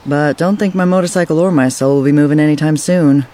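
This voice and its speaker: A laid-back, musing male biker, voiced by a man in a radio commercial. His voice sits a little high, with some light ambient noise behind it. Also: fast talker, dark tone, natural voice. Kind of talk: radio ad dialogue.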